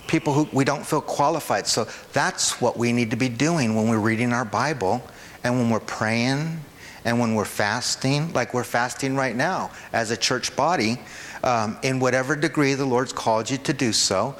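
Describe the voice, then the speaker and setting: Casual preaching pastor in a reverberant hall. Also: male voice, medium pitch, moderate pace, a bit bright, slight background noise. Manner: informal, checks in with the congregation often. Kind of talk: conversational sermon. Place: church hall.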